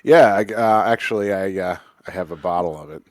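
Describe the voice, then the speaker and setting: Deep-voiced man, hoarse and low-energy. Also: fairly quick, music in the background. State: hoarse from a cough. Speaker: stream co-host. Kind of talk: casual chat.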